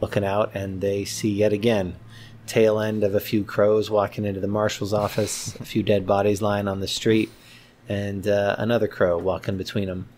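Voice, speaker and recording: A man narrating his character's actions in a tabletop western game, steady and descriptive. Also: lowish voice, normal speed, slight background noise. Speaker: player. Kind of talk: tabletop role-play narration.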